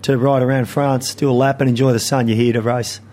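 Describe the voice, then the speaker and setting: A man's voice: medium pitch, flat delivery, fairly quick, a little mellow. A man with an Australian accent, chatting casually as a cycling pundit, enthusiastic and jokey. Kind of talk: casual chat.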